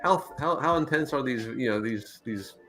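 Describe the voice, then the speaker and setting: A man's voice: medium pitch, lively intonation, moderate pace, background noise. A man co-hosting an art stream, chatting with stumbling restarts and a dry, wordy humor. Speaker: co-host of a 3D art live stream. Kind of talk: casual chat while sculpting.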